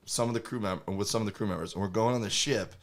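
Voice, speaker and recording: A man co-hosting a comedy podcast, telling rambling anecdotes in a casual, animated way. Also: lowish voice, racing. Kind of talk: casual storytelling.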